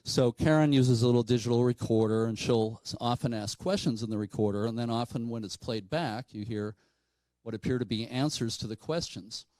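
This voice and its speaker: A man's voice: mid-range voice, brisk, darkish tone, no room sound, low-quality recording. A man from New telling a ghost story to an audience in a conversational way, with frequent fillers and asides. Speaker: paranormal speaker.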